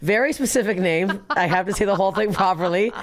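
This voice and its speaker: A young adult woman from Canada hosts her podcast in loose, casual chat. She is loud and brash, quick to get excited and quick to swear, and her voice sits at an ordinary middle pitch. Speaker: podcast host.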